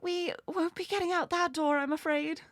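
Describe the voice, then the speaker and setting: A woman voicing a brave, earnest young woman in a video game, calm and reassuring. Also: extremely high pitch, normal speed, soft background music, pitched above the performer's own voice. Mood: determined.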